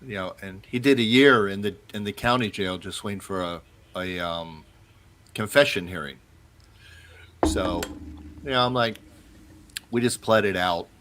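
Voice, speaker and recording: Relaxed man telling ghost stories. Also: fairly low pitch, a little slow, long pauses, slight background noise. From South Florida. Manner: relaxed, conversational storytelling. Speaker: paranormal investigator. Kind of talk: casual chat.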